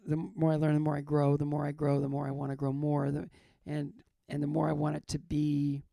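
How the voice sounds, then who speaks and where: An older man, a guest in an interview, talking earnestly about faith, halting and repeating his phrases. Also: a little high, completely flat delivery, gravelly, mellow, no room sound, studio quality. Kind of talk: reflective faith talk in an interview.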